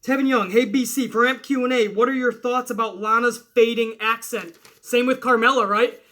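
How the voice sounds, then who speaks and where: A young man hosting a casual wrestling Q&A, swearing freely and rambling in an animated, hyped way. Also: extremely high pitch, normal speed. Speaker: wrestling commentary host. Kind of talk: casual Q&A livestream chat.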